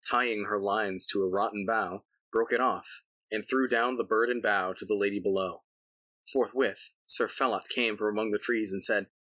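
A man reading an old tale aloud in a measured, formal way. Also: lowish voice, bright, forceful tone, rough recording. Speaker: audiobook narrator. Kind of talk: scripted storybook narration.

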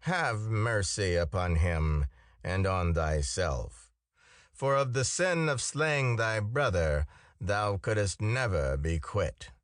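A man's voice: lowish voice, lively intonation, slow, no echo, clean studio sound. A man reading a pleading old hermit. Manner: pleading, solemn. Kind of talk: storybook reading.

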